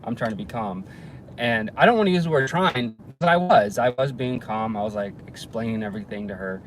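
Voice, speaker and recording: A man's voice: fairly low pitch, a little fast, slight background noise. A man telling an exasperated story about a difficult client in a casual vlog rant, swearing casually and restarting his sentences often. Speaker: handyman vlogger.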